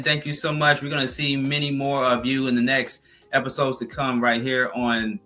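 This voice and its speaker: A man's voice: mid-range voice, little pitch movement, moderate pace. A man hosting a community TV talk show, asking questions and running through upbeat plugs and thank-yous. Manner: upbeat sign-off with repeated plugs. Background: soft music bed.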